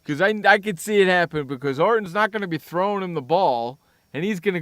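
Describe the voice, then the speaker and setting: A man's voice: high voice, expressive, brisk, a bit bright, no room sound, clean studio sound. A man hosting sports talk radio, ranting bluntly and sarcastically about a player.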